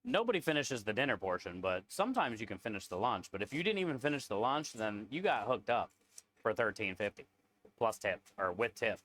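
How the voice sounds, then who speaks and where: A man's voice: on the low side, very animated, fairly quick, fairly bright tone. A man, a food truck cook, chatting casually with viewers on a live stream and joking around.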